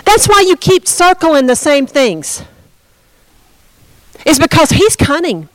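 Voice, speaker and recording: High-voiced woman pastor preaching. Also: big pitch swings, slow, dry recording, low-quality recording. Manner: conversational preaching, asks the congregation questions. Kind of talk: sermon.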